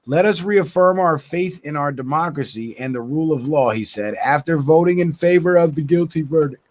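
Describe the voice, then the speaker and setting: A man's voice: on the high side, lively intonation, moderate pace. A man with a slightly raised voice reads a news story aloud for his own channel. He stumbles and restarts words as he goes. He breaks in often with short, indignant comments of his own. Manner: stumbles and restarts words while reading, adds indignant asides. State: yawning, tired. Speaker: channel host.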